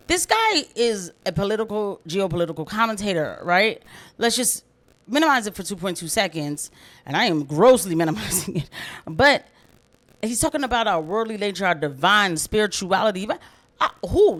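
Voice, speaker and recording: A woman's voice: medium pitch, expressive, moderate pace, fairly bright tone. A woman giving impassioned, emphatic commentary, often repeating herself for emphasis. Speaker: political commentator. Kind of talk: opinionated livestream commentary.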